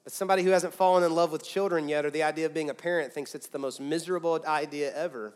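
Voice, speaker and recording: Preaching fast in a fairly high, steady-toned voice, a pastor addresses his congregation in a church auditorium. He drives key lines loud, then sinks to near-quiet appeals, his sermon full of big dynamic swings.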